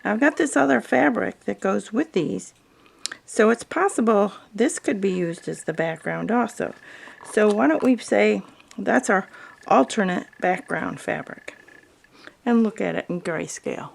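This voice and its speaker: Gravelly-voiced woman explaining quilt fabrics. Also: mid-range voice, a little slow. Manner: calm, explanatory, talks through fabric choices. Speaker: quilting instructor. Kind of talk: video tutorial narration.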